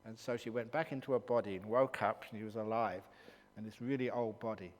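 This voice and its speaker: A man, a monk and meditation teacher, giving a dharma talk at a retreat in an animated, jokey storytelling manner. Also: lowish voice, a little fast. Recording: long hall reverb, faint hum.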